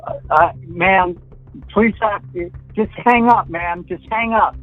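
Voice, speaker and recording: A man's voice: high-pitched, takes it slowly. A man on a phone call playing a victim, grumbling and irritated. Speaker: scambaiter posing as a victim. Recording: tinny phone line, faint music.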